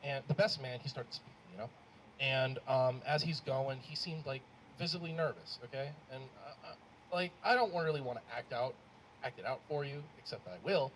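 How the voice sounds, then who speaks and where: A man doing a stand-up comedy set on a club stage, rambling and animated with lots of fillers. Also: medium pitch, normal speed. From Arab American. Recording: live club mic with faint crowd noise.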